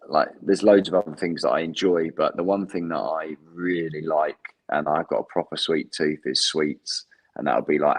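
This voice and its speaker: An English man in his thirties, a former footballer chatting as a podcast guest, laughing often and restarting his sentences. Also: extremely low pitch. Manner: laughs often, self-deprecating, halting restarts. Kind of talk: casual interview chat.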